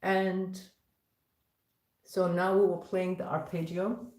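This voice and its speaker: A woman's voice: on the low side, level tone, takes it slowly, darkish tone. A woman teaching violin in a live-streamed lesson, patiently explaining step by step between passages she plays. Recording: roomy echo, violin playing around speech.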